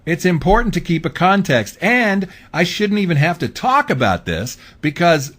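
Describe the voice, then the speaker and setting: A man's voice: sits high, big pitch swings, normal speed, fairly bright tone. A man hosting his own show, talking through a political commentary monologue in a casual, rambling way with fillers. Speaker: host.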